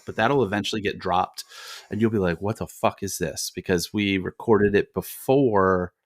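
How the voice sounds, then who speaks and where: A man with a low voice co-hosts a podcast, reading a listener's letter and breaking off to joke. He rambles and restarts often, and the sound is close and dry with no room around it. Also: no room sound. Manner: rambling, joking, many fillers and restarts. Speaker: podcast co-host. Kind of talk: casual podcast chat, reading listener mail.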